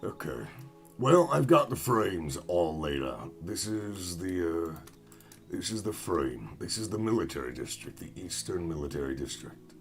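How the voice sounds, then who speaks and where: A man's voice: low-pitched, sing-song, a little slow, faint music behind. A young American man chatting casually with viewers while playing a game, rambling and self-mocking. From United States. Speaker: gaming streamer.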